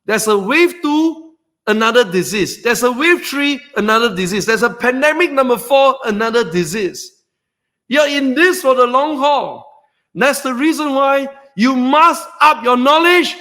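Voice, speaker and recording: A man hosting a stock trading webinar in a motivational style, excitable, shouting and whooping for emphasis, then dropping low and earnest for serious points. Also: measured pace.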